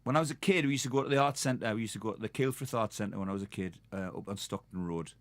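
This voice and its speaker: A man's voice: fairly low pitch, fast talker, dry recording. A man with a Geordie accent, hosting a live stream and chatting in a rambling, self-mocking way to his viewers. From North East England. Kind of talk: casual chat to viewers.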